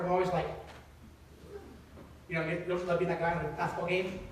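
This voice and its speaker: Male pastor, 30s, high voice, lively chatty sermon, booming church echo, mic far away. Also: fast, long pauses, a little hiss or hum. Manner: conversational, animated preaching. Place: church sanctuary. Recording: echoey sanctuary, distant mic.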